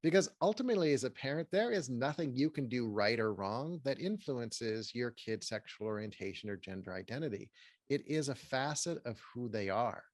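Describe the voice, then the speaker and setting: An earnest male therapist answers interview questions in a mid-range voice. He explains things in a measured, reassuring way. The sound is dry and close, with no room echo. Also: mid-range voice, expressive. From Pasadena, California. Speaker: therapist and author, guest.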